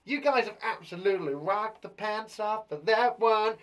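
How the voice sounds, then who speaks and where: A young man, a primary school teacher, hosts a playful live online lesson for kids, chatting to a toy monkey puppet while he teaches. His high, sing-song voice is a bit bright, moving at normal speed with few pauses, and his manner is bouncy.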